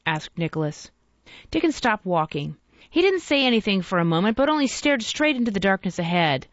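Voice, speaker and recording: Brief: woman storyteller, expressive and measured, lively intonation, dull lo-fi recording. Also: medium pitch, no room sound. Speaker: narrator. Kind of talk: storybook narration read aloud.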